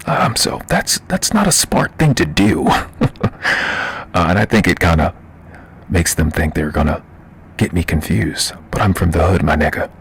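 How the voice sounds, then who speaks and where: A man with a Baltimore accent hosts a livestream, chatting loosely and profanely, laughing, and reading the chat aloud as he answers it. His voice is low with lively intonation and a moderate pace, he pauses often, and there's a little hiss or hum.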